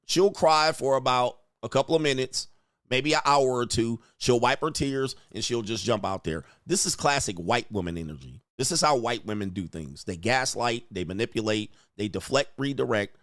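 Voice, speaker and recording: A man's voice: medium pitch, lively intonation, moderate pace, fairly bright tone, no room sound, clean studio sound. A man giving blunt, crude commentary as a show host, reacting to a clip with mocking asides. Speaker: podcast host.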